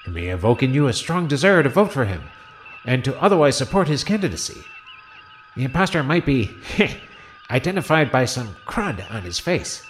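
A man's voice: medium pitch, very animated, moderate pace, a little hiss or hum, lightly acted. A man voicing a fretful, scatterbrained male politician aboard a starship in a comedy audio play. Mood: rambling. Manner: whiny, rambling, easily distracted. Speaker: voice actor.

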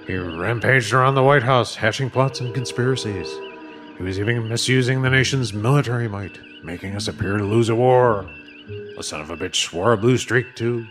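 A self-pitying computer spins a boastful tale in a low, rumbling voice, as a man acts it out. It belongs to a spoofing audio play. Clear music plays behind it. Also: close to an everyday voice. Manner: boastful folksy storytelling. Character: male ship computer impersonating Nixon, self-pitying, rambling. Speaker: voice actor.

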